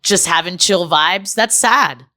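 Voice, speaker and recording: Candid, expressive woman comedian guest. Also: on the low side, slow pace. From United States. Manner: candid, expressive, mixes earnest and playful. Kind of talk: casual chat.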